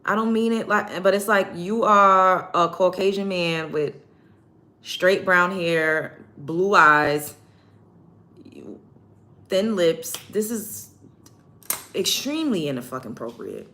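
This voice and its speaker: A woman's voice: fairly low pitch, slow pace, long pauses, pushed and bright. A woman host talking casually to her livestream chat while getting ready. She is blunt and emphatic and repeats her points for stress. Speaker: show host.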